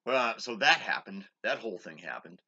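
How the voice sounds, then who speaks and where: A man's voice: fairly low pitch, animated, pushed and bright, husky, dull audio. A man in his thirties rambling in a casual vlog about his day, swearing a lot and restarting his sentences often. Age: 30s. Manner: profane, halting, with many restarts and fillers. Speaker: vlogger. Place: his own bedroom.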